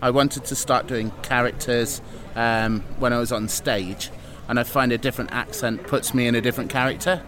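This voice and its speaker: A man's voice: mid-range voice, fairly even intonation, moderate pace, a bit bright. Guest, East Midlands English man, earnest, recorded outside near traffic. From Mansfield, England. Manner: open, earnest, explains with fillers. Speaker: improviser and presenter. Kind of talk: casual interview talk.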